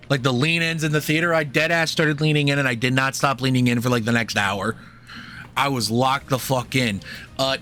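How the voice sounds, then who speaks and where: A young man holds forth on a casual podcast, rambling and swearing freely as he jokes his way through a film review. His voice sits a touch high for a man, and faint music hums underneath. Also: a bit bright. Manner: rambling, profane, jokey. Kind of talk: casual chat.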